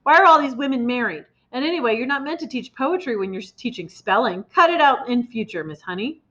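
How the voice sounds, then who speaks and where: A woman's voice: on the high side, expressive, fast, a bit bright, pitched above the performer's own voice. A woman voicing a huge, bullying headmistress who bellows insults and drips with sarcasm, read from a storybook in a slightly muffled recording. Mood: scornful.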